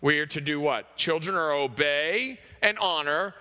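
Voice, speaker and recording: A man's voice: a little high, measured pace, bright, forceful tone. A man preaching an earnest sermon as pastor, repeating key phrases. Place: church sanctuary. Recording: long reverb of a large hall.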